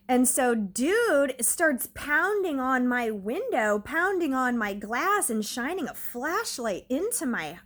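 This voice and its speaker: A woman's voice: a little high, a bit bright. Agitated woman telling a story at home. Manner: agitated, rambling, heavy on "like". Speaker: vlogger. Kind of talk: casual storytelling to camera. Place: her own home, indoors.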